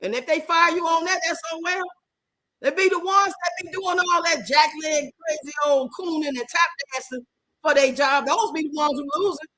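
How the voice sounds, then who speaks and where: A woman from Chicago with a Chicago accent, hosting a livestream and answering her chat in an animated, outspoken way. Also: sits high, moderate pace, no room sound, low-quality recording. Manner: animated, outspoken, emphatic, talks back to the chat. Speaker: livestream host. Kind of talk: livestream chat reacting to comments.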